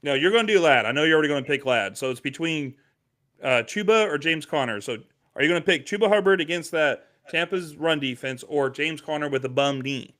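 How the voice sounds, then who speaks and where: An American man co-hosting a live fantasy football show, relaxed and reading out viewer questions. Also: on the high side, a little fast. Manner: laid-back, reads viewer questions. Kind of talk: casual live podcast chat.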